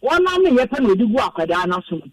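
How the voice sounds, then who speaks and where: A woman's voice: on the high side, sing-song, quick pace, dry recording, distant mic, poor audio. A woman speaking as a guest on a radio show, explaining the steps of an herbal remedy patiently and repeating the key points. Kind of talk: radio interview.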